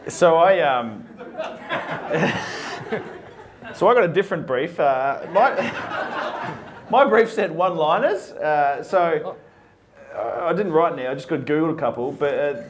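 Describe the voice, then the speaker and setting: A man telling one-liners as a comedy guest, slow and self-amused, laughing into his lines. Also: on the high side, animated. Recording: noticeable background noise.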